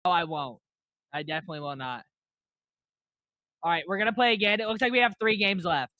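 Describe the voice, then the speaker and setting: A man's voice: high-pitched, brisk, bright, forceful tone, no room sound. A man streaming a game, chatting casually and chuckling with his AI co-host. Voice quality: laid-back, chuckling. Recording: slightly muffled dry mic.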